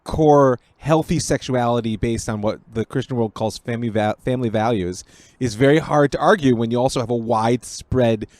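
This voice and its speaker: A man, a rabbi, talking on a podcast in a measured, analytical way. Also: medium pitch, darkish tone, dry recording. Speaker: rabbi co-host. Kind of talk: casual podcast conversation.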